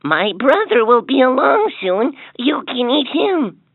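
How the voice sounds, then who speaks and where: A little young billy goat pipes up in a high, lively voice, as a man puts it on. His lines come slowly and lightly. It plays through a tinny, dry toy speaker. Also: gravelly, no room sound, exaggerated voice. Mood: pleading. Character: small, young male billy goat, eager. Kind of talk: storybook character voice.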